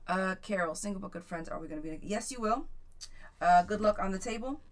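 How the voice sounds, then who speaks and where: A woman's voice: medium pitch, a little fast. A woman reading tarot on a live stream, chatting casually, repeating viewers' questions aloud and stumbling over her words. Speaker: tarot reader.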